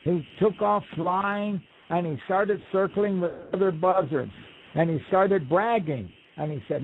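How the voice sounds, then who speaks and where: A man's voice: sits high, unhurried, slight background noise. A man, a radio show guest, telling a folk tale in a loose, rambling way with asides. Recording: tinny phone line on radio.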